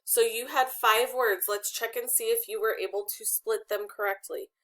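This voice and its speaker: A woman's voice: on the high side, steady tone, moderate pace, a bit bright. A woman teacher giving an online phonics lesson to children, patiently asking questions and prompting pupils to answer.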